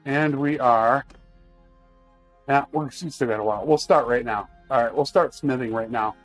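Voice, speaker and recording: A man's voice: mid-range voice, moderate pace, soft background music. A man streaming a video game live, chatting casually to his viewers while he plays. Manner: chatty, talks to chat while playing.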